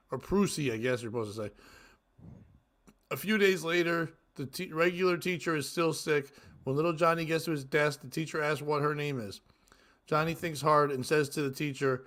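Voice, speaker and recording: A man's voice: moderate pace, a bit bright. A man co-hosting a casual comedy podcast, reading crude jokes aloud, laughing constantly and acting out the characters in exaggerated voices. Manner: laughs constantly, squeals into high-pitched shrieks when laughing. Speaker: podcast co-host.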